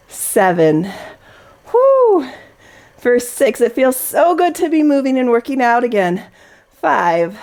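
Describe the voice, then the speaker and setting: A woman's voice: fairly high pitch, darkish tone. A woman leading a Pilates class, giving cues and counting reps down in an encouraging way. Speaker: Pilates instructor. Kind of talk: guided workout instruction with counting.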